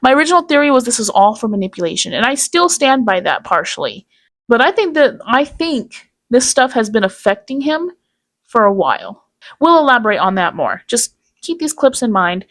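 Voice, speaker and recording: A woman's voice: on the high side, big pitch swings, moderate pace, fairly bright tone, dry recording, clean studio sound. A woman giving casual commentary in a blunt, sarcastic way. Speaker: commentary YouTuber.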